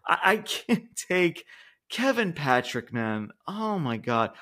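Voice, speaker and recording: A man co-hosting a casual wrestling podcast, rambling and swearing, laughing often and pushing his voice up high when he gets worked up. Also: big pitch swings, measured pace, a bit bright. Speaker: podcast co-host.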